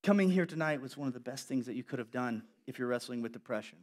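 A young man preaching a sermon as a youth pastor, animated and acting out quotes and voices. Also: mid-range voice, fast talker.

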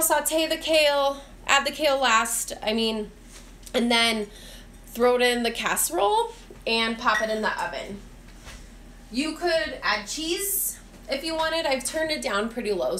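A woman's voice: on the high side, a bit bright, a little hiss or hum. A woman giving a casual, chatty cooking demonstration in her home kitchen, mixing instructions with friendly asides. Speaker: cooking vlogger and teacher.

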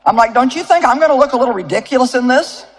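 A woman in her seventies preaching a sermon to a live audience, telling a story in a folksy, animated way with asides to the crowd. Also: high-pitched, racing, husky. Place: large auditorium with audience.

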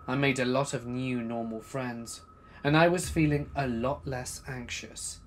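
A man reading a scary true story as a narrator, dramatic, swinging between loud bursts and hushed asides. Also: mid-range voice, fairly even intonation, unhurried, a little hiss or hum. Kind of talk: scripted horror story narration.

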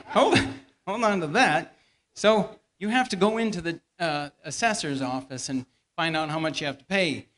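His voice sits high with a bit of brightness as this church elder stages a skit in front of the congregation in a church hall. Playfully, he directs the volunteers and feeds them their lines to teach a Bible lesson.

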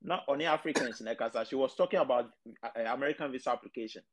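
A man with a Ghanaian accent telling a story in a casual podcast chat, halting and restarting as he goes. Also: mid-range voice.

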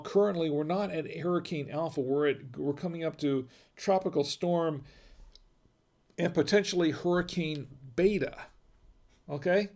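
A man's voice: fairly high pitch, gravelly, darkish tone. A middle-aged man from North Carolina hosting a casual livestream, rambling and chatty with many fillers and restarts. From North Carolina, USA. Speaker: host.

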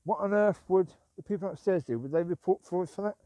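A man's voice: high voice, fairly quick, warm tone, dry recording. Grumbling man on a night walk. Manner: grumbling, repeats himself, calls sharply to his dogs. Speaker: vlogger walking his dogs. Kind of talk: rambling walk-and-talk. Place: outdoors at night on a street.

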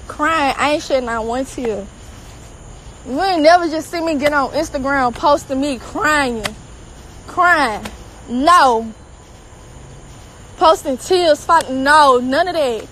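A woman's voice: high voice, a bit bright, slight background noise, low-quality recording. A woman delivering an angry, profanity-filled social media rant, talking heatedly and repeating herself. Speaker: celebrity girlfriend.

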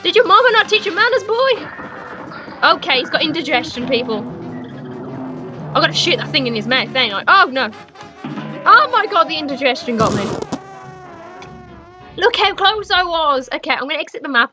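A young woman commentating a video game as she plays, excitable and swearing, with loud outbursts. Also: high voice, brisk, highs cut off, faint music behind. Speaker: gaming streamer. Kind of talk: let's play commentary. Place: home room.

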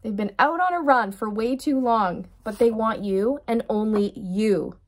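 A woman's voice: fairly high pitch, a little slow. Giggly chatty woman reading tarot. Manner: giggly, bursts into laughter; chatty, addresses viewers directly. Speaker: tarot reader. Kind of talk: casual tarot reading to camera.

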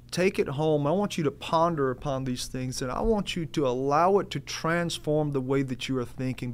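Male preacher, sermon, earnest and emphatic, fairly high voice. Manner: earnest, emphatic, repeats key phrases.

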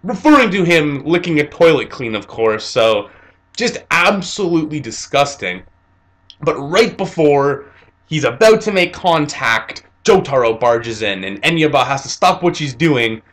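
Young male reviewer, slightly high voice, casual and animated recap. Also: measured pace. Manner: animated retelling with fillers and laughs. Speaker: anime reviewer.

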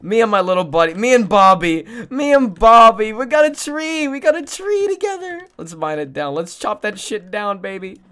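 Excitable woman streamer, very lively pitch. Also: normal speed, hardly any pauses, clear, resonant tone. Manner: excitable, swinging between squealing joy and mumbled asides; coos in a high baby voice at a pet. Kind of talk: casual live-stream gaming commentary.

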